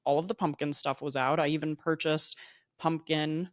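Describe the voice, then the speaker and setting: A woman's voice: low voice, steady tone, moderate pace, no echo, studio quality. A young woman with a New Jersey accent hosting a solo podcast from home, chatty and upbeat, laughing often and wandering into tangents. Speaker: podcast host.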